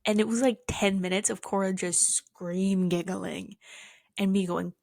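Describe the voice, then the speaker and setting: A woman's voice: mid-range voice, fairly even intonation, moderate pace, vocal fry, no echo. A young woman talking to camera in a casual, rambling monologue, swearing often and poking fun at herself. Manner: profane, rambling, self-mocking. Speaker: vlogger.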